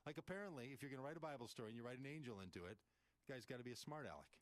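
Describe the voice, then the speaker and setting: Man, radio host, rambling and animated, mid-pitched voice, dry close sound. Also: very fast, no room sound. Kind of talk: casual talk radio with scripture reading.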